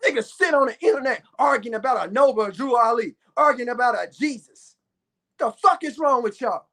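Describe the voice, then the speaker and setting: A man in his thirties delivering a loud, profane ranting monologue to his viewers, with bursts of shouting. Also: very high-pitched, expressive, moderate pace. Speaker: vlogger.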